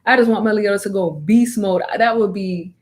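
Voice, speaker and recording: A woman giving a casual anime review, talking in an animated, emphatic way with plenty of slang. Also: medium pitch, moderate pace.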